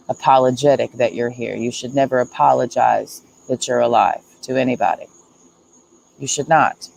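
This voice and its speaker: Gravelly streamer rambling earnest outdoors at night, faint crickets chirping behind. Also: mid-range voice, darkish tone, slight background noise, rough recording. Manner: earnest, repetitive, confessional, emphatic. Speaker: livestreamer. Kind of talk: casual livestream monologue.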